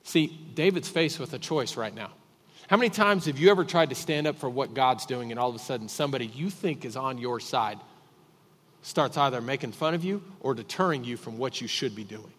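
A man preaching a sermon as pastor, emphatic and repetitive, swinging between loud and quiet. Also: medium pitch, lively intonation, fairly quick, in a large hall. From Texas.

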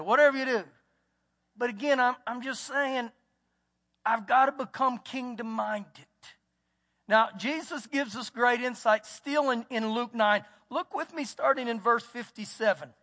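A man's voice: extremely high pitch, a little slow, pushed and bright. A man with a Texas accent preaching a sermon as pastor, telling folksy stories and acting out what people said, in a church sanctuary. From United States. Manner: folksy storytelling, acts out quotes. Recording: church hall with long reverb.

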